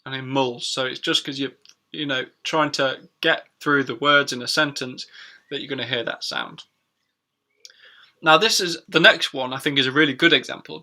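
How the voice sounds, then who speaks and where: Male teacher, chatty, gravelly tone, live lesson. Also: mid-range voice, sharp tone. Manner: chatty, repeats words slowly for learners. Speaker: English teacher. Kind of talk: live-streamed pronunciation lesson.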